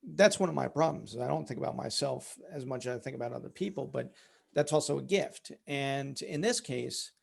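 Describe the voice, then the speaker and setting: A man's voice: mid-range voice, expressive, normal speed, gravelly, breathy edge. A man, a company founder, candidly telling a personal story in an interview, with many fillers. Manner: candid, many fillers, relives events vividly.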